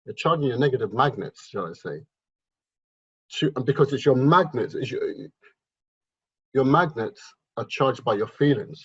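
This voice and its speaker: A man with a husky, slightly breathy voice lectures on mindset in an emphatic, repetitive way. His pitch sits in an ordinary middle range. The recording sounds dull and lo-fi. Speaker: wealth mindset vlogger. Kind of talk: motivational monologue.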